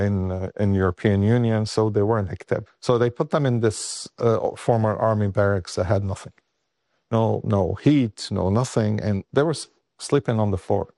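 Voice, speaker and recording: A man with a low voice tells a personal story, stumbling over restarts and lifting his voice when he is moved. He is not an English speaker. The sound is dry and close, with no room in it. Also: warm tone, dry recording. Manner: halting, many restarts, voice lifts when moved. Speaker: guest.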